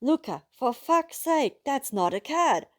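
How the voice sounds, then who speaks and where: A woman's voice: high voice, big pitch swings, takes it slowly, pitched above the performer's own voice, full character voice. A German woman reading an exasperated, swearing narrator. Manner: swearing, incredulous. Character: exasperated blunt young narrator.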